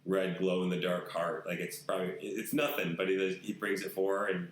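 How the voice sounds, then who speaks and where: Low-voiced man telling rambling stories. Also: little pitch movement, brisk, echoey room, low-quality recording. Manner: rambling storyteller, swears freely. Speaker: podcast host. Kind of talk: casual chat.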